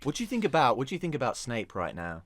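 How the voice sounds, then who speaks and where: A young man, hosting a casual, joking chat about films with quick banter. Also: mid-range voice, wildly swooping pitch. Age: 20s. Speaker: host.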